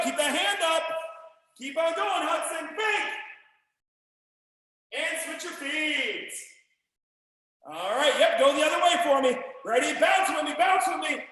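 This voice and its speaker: Shouting martial arts instructor in an echoey hall. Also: male voice, very high-pitched. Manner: energetic, shouting counted drill commands. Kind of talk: live online class instruction. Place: martial arts studio, indoors. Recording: echoey room with long reverb.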